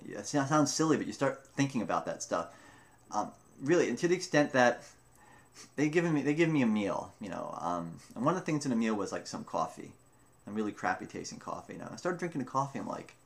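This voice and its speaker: A young man casually telling a story about himself, rambling and often breaking off mid-sentence, with animated retelling. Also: mid-range voice, fast talker, gravelly. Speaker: vlogger telling a personal story. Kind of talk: casual first-person storytelling.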